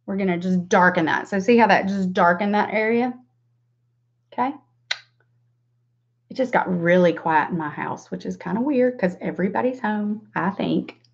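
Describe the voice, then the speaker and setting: Woman, forties, Southern US accent, casual makeup tutorial, chatty, middle pitch, dull lo-fi audio. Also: moderate pace, creaky, pauses often. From Southern United States. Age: 40s. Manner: chatty, talks to viewers by name, laughs often. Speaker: makeup vlogger.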